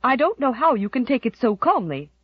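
A woman voicing a gloomy, sharp-tongued old aunt. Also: a little high, big pitch swings, fairly quick, breathy edge, no echo, lo-fi sound, voice pushed up. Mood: ominous. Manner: complaining, dwells on dire omens. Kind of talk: audiobook character voice.

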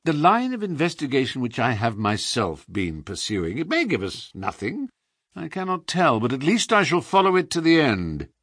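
Confident detective, crisp and raised, animated delivery; male narrator puts him on. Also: mid-range voice, normal speed, no echo, pitched above the performer's own voice, exaggerated voice. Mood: assured. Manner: crisp and assured, dry wit. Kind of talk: audiobook character voice.

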